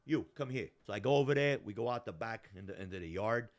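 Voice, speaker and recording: A man telling a story in casual talk, profane and animated, acting out the voices of the people in it. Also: on the low side, fast. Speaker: storyteller guest.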